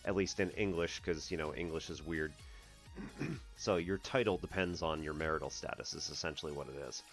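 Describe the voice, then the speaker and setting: A man from the US Northeast hosting a math stream, chatting casually, laughing often and clearing his throat. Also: rumbling low, moderate pace, soft background music. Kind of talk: casual livestream chat.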